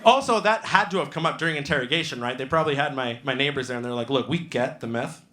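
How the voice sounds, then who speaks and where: A man doing stand-up storytelling on a comedy club stage into a handheld mic, animated and acting out other people's voices. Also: medium pitch, rapid-fire, roomy sound, a little hiss or hum.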